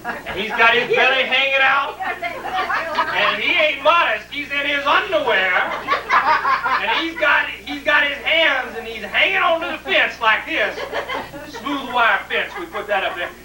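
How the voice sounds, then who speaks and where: A man's voice: extremely high pitch, expressive, unhurried, a loud crowd. A middle-aged man, telling a family story in a colorful, folksy way and laughing as he goes. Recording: roomy, distant home video with faint noise.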